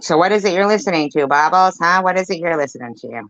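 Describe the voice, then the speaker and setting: A woman's voice: on the low side, animated, fast, a bit bright, no echo, muffled recording. A woman hosting an angry commentary over clips, swearing and repeating herself defiantly. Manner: profane, defiant and repetitive. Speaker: commentary channel host.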